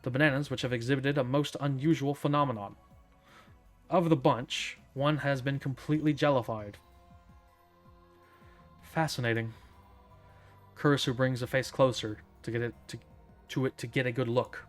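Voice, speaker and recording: A man's voice: mid-range voice, fairly even intonation, normal speed, long pauses, soft background music. A man streaming a dramatic visual novel read-aloud, narrating in a theatrical, smug first-person voice.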